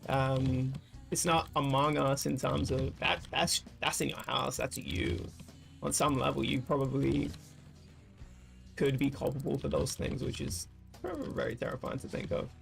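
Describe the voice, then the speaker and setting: A man's voice: medium pitch, level tone, moderate pace, vocal fry, faint music behind. A man streaming while gaming, thinking aloud in loose, rambling casual chat with frequent swearing. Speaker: livestreamer.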